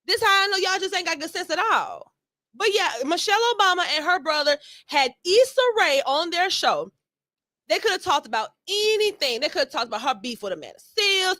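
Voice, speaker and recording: Sarcastic black woman on a podcast, high voice, super bright, dry sound. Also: brisk, no echo. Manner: blunt, sarcastic, animated. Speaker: podcast co-host. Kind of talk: casual commentary chat.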